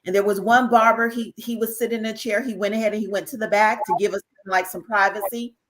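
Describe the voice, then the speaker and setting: A woman, a podcast guest telling a personal story in an animated way, often repeating herself and speaking straight to listeners. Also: medium pitch, fast, rough recording. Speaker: guest, author. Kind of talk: casual interview storytelling.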